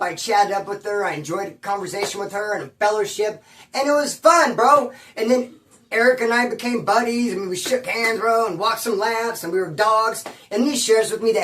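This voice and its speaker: A man's voice: high-pitched, a little fast, fairly bright tone, far from the mic. A man from California casually telling a prison story in rambling, slang-heavy talk. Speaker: former inmate telling prison stories.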